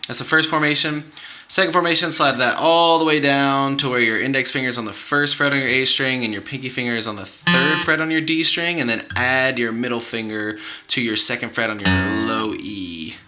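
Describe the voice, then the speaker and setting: A man's voice: mid-range voice, brisk. Young man teaching guitar, counting beats. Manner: patient, encouraging, counts beats aloud. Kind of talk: guitar tutorial. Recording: guitar playing under the voice. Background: guitar playing.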